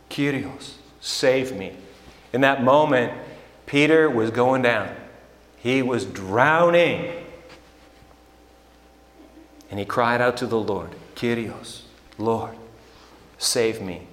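A male preacher delivers his sermon at an unhurried pace, leaning into emphatic, rising stretches. His voice carries through a large room with a long, lingering reverb. The pitch sits at an ordinary middle for a man. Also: expressive, fairly bright tone. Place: church sanctuary. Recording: echoey hall with long reverb.

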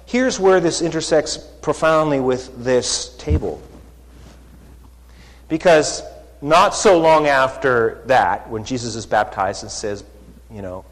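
A man preaching a sermon, unhurried, acting out quoted lines with rising emphasis. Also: medium pitch. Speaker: pastor. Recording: long hall reverb.

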